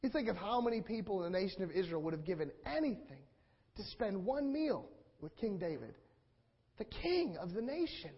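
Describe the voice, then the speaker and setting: A man with a very high, husky voice preaches a sermon with passion, stacking repeated phrases into rhetorical build-ups and acting out what people say. The recording sounds dull and lo-fi. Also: big pitch swings, moderate pace. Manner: impassioned, repetitive rhetorical build-ups, acts out quotes.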